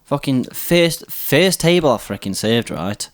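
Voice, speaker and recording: Male bar-owner guest, mid-pitch voice, casual sweary storyteller who acts out the quotes. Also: lively intonation, measured pace. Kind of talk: casual chat over drinks.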